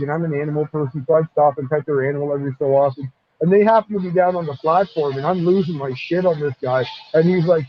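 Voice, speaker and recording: Brief: man, guest on a voice chat, rambling and profane, slightly higher voice, dull lo-fi audio. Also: slight background noise. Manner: rambling, profane, animated retelling. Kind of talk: casual storytelling chat. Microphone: online voice chat.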